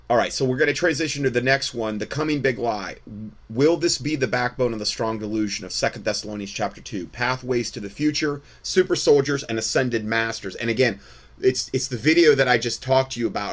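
A man hosting a show, giving casual, preaching-toned Christian commentary, often repeating words and restarting sentences. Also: mid-range voice. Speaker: host.

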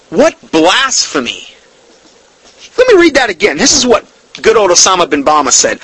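A man teaching a Bible study, reading quotes slowly and emphatically, with indignant, sarcastic asides. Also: sits high, sing-song, pushed and bright, breathy edge, rough recording. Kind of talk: recorded Bible study lesson.

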